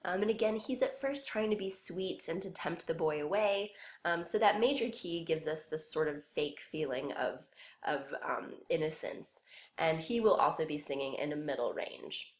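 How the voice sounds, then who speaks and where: A woman's voice: low voice, animated, normal speed, reverberant. A woman music instructor giving a recorded lecture, explaining a piece patiently.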